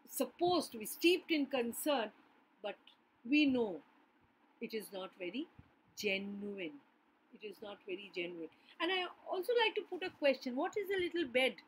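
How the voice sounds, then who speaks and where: A woman's voice: high voice, a little hiss or hum, poor audio. A woman teacher explaining a poem line by line, often asking her listeners rhetorical "yes?" questions.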